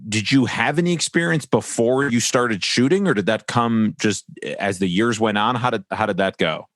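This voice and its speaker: A man's voice: lowish voice, normal speed, fairly bright tone, dry recording, studio quality. A man hosting a podcast in casual chat, enthusiastic and rambling with fillers. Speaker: podcast host.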